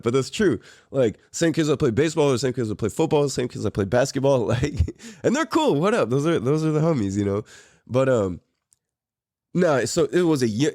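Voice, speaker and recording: With a warm, medium-pitched voice captured dry at studio quality, a middle-aged podcast host from Mira Mesa, San Diego, shares a story. His casual storytelling chat is easygoing and profane, with plenty of laughter.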